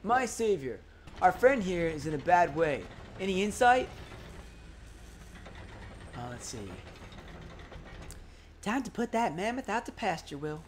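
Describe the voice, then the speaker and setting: A man voicing a wistful old male river-rat boat captain in a video game, musing slowly. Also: sits high, lively intonation, a little hiss or hum. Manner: slow, musing, folksy storytelling.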